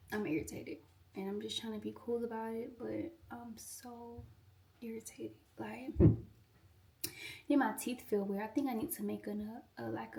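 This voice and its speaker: A pharmacy student vlogger in her twenties chats casually with viewers while cooking in her home kitchen, her pitch in an ordinary middle range for a woman. She sits a little back from the mic, so her voice sounds slightly distant.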